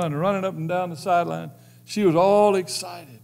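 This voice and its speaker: Man, preacher, folksy storyteller, rises loud then drops quiet. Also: high-pitched, normal speed, vocal fry. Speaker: pastor. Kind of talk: sermon.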